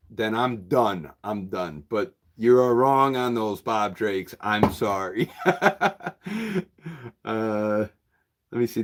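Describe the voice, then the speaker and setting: Speaking in a medium pitch, this man runs a used bookshop and talks casually with his livestream viewers. His pace rambles, and he chuckles a lot.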